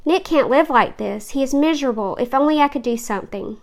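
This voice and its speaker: A woman's voice: high voice, lively intonation, brisk. A woman reading a worried, soothing mother. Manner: soothing, earnest. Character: worried, reassuring mother of a sick boy.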